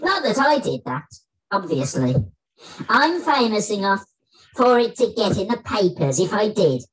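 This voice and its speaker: Man voicing a high, indignant old thespian, comic monologue, wide-ranging pitch. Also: very animated, measured pace, a bit bright, slight background noise, exaggerated voice, rough recording. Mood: blustering. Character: squeaky-voiced famous bombastic older male actor. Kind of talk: comic spoken-word performance. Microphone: video call.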